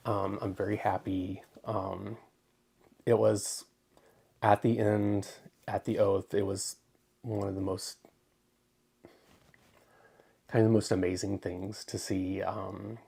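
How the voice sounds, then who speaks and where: A man hosting his own crafting channel, talking casually on a livestream, halting with many ums and close to tears. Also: on the low side, level tone, gravelly, warm tone, slightly rough. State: tearful.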